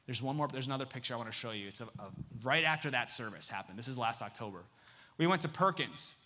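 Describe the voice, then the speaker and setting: A young adult man, a campus missionary, preaching a sermon full of stories and acting out dialogue with sudden pitch jumps. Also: expressive, fast, sharp tone.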